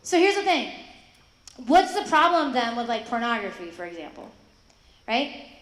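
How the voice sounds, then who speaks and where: A young woman giving an animated faith talk to high school students, asking questions and acting out quoted voices. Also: moderate pace, reverberant. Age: young adult. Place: school hall.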